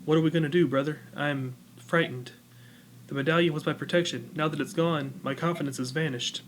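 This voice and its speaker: A man reading a gentle, anxious young girl. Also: a little high, fairly even intonation, brisk, slight background noise, close to an everyday voice. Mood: soft, anxious.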